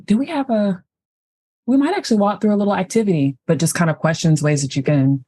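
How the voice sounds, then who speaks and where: A woman's voice: medium pitch, mellow, no room sound. A woman talking reflectively in a casual podcast conversation, often restarting her sentences. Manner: reflective, halting, many restarts.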